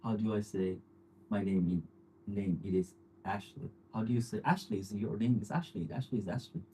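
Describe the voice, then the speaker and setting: Deep, slightly husky man, laid-back livestream host, rambling and chuckly. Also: normal speed. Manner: relaxed, rambling, chuckles often, many fillers. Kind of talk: casual live chat answering viewer comments.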